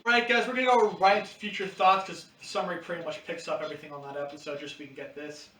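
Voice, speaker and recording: Bright-voiced man on a rambling podcast. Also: fairly high pitch, steady tone, very fast. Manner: rambling, hedging, goes on tangents. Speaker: podcast co-host. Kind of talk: casual discussion chat. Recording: echoey room, distant mic.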